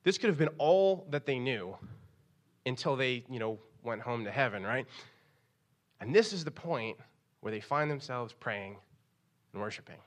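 A young man preaching a sermon, reading scripture and telling a personal story, acting out quoted lines in a raised, animated voice. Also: mid-range voice, moderate pace, pauses often. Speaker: pastor.

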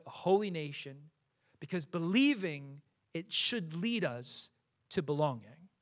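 A young man from New Jersey with a New Jersey accent, preaching a sermon and telling stories with frequent restarts. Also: sits high. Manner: animated storytelling with frequent restarts. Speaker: pastor.

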